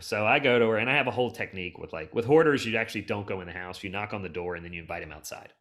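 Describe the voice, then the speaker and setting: A middle-aged hoarding cleanup expert tells long, rambling stories on a casual podcast, animated, restarting and jumping around. Emotional and close to tears, he races along with hardly any pauses in a voice on the low side.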